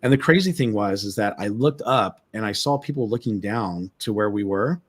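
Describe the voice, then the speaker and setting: A man, a former tour guide, telling an excited story on a live stream, repeating words and acting out what people said. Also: lowish voice, moderate pace. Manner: excited, repeats words, acts out quoted lines. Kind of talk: animated storytelling. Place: remote live stream call.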